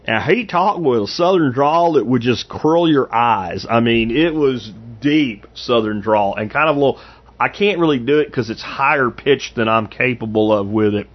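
A podcast host in his fifties rambles casually through anecdotes in a monologue, often restarting his thoughts. His medium-pitched voice is expressive and moves at normal speed, though the recording is muffled.

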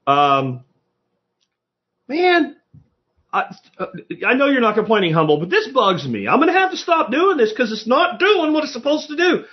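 A man's voice: very high voice, huge pitch swings, moderate pace, long pauses, highs cut off. Blunt, cussing male podcast host. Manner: blunt, profane ranting. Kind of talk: casual live-stream talk.

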